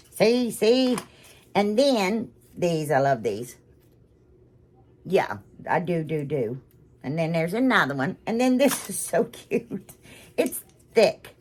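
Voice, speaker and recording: A woman's voice: lowish voice, a little mellow, husky. A woman hosting a craft channel, chatting casually to viewers, gushing and emotional with lots of restarts. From United States.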